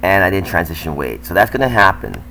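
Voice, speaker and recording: A man's voice: deep voice, lively intonation, fast talker, bright, forceful tone, a little hiss or hum, low-quality recording. An older man, a tennis coach, talking candidly and self-critically as he comments over footage of his own match.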